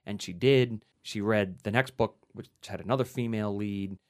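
A man's voice: on the low side, moderate pace, darkish tone. A male author talking in an interview in an earnest, articulate and enthusiastic way. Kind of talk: conversational interview.

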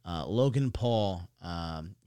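A man co-hosting a casual chat, telling stories haltingly with many fillers and restarts. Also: deep voice, lively intonation, dark tone, smooth, no echo. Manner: hesitant storytelling full of fillers and restarts. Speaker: podcast co-host.

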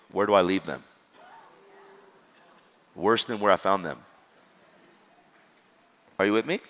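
Preacher man in an echoing hall. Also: mid-range voice. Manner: animated storytelling, acting out dialogue. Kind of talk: sermon. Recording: hall reverb with crowd.

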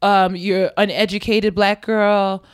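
A woman, a guest on a podcast, talking about herself in a frank, thoughtful way. Her voice sits at a medium pitch and she often restarts her sentences. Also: little pitch movement, smooth. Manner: frank, reflective, a little halting. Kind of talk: casual podcast chat.

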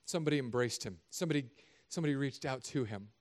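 A middle-aged man, a pastor, preaching a sermon in an animated, conversational, joking way. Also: mid-range voice, fast.

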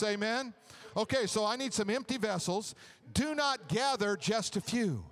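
A man preaching a sermon, drawing the congregation into call-and-response and acting out the lines of the people in his stories. He swings from loud exclamations down to low, quiet murmurs.

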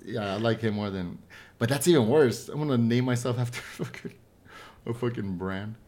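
A man co-hosting a podcast in casual chat, cutting in with dry, teasing jokes and quiet asides. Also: mid-range voice, normal speed. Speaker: podcast co-host.

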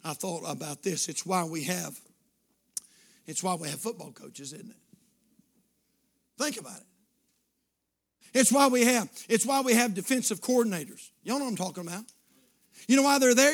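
A man preaching a fervent sermon as pastor, repeating phrases and building to shouts. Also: high voice, gravelly.

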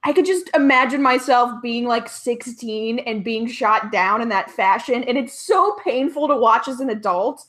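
A woman co-hosting a casual podcast, bantering with quick laughs and bits of mock quoting. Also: fairly high pitch, fairly bright tone. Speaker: podcast co-host. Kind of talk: casual chat.

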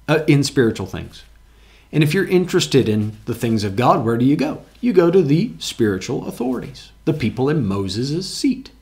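A man's voice: mid-range voice, a little mellow. Earnest male pastor preaching conversationally. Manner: earnest, conversational preaching with repeated words and emphatic scripture reading. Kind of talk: sermon. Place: church sanctuary with congregation.

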